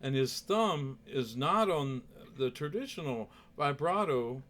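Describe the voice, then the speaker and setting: A man's voice: mid-range voice, lively intonation, slow pace, fairly bright tone. A man who plays guitar telling a story in a rambling, chatty way, full of asides. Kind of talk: casual storytelling.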